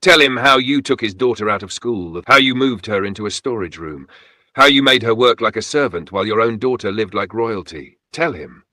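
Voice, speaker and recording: A man's voice: fairly low pitch, expressive, normal speed, pushed and bright, dry recording, clean studio sound. A man doing a stern, commanding village chief. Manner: firm, commanding, accusing. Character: stern older male village chief, righteous.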